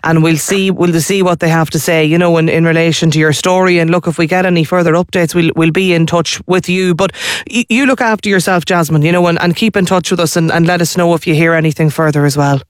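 Fast, high-voiced Irish radio host. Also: male voice, steady tone, smooth, no echo, studio quality. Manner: soothing, reassuring, repeats words. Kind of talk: radio phone-in interview.

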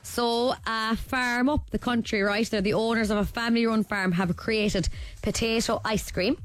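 A woman's voice: fairly high pitch, steady tone, normal speed, no room sound. An Irish woman co-hosting a radio show, chatting casually and teasing with a laugh. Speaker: radio co-host.

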